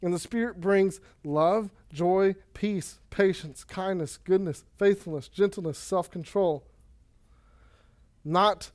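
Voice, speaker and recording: A man preaching a sermon in a casual, energetic way, with quick asides and Bible readings. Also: high-pitched. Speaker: pastor.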